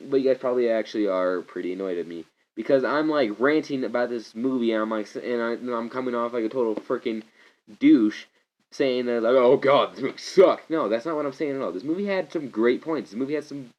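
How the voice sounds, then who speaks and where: A man vlogging a rambling casual movie rant to his camera, digressive and animated, breaking into loud mock voices. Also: medium pitch, a little fast. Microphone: camera mic. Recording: dull lo-fi camera audio.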